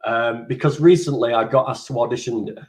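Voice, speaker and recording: A man hosting a casual interview, chatty and animated, casually swearing. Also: medium pitch, brisk. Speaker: interviewer, channel host.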